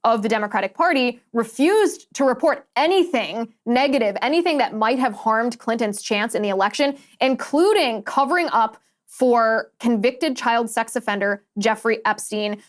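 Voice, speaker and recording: A woman host speaks in a fairly high voice. She delivers an opinionated monologue with emphatic, pointed phrasing and repeats words for effect. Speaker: political commentary host.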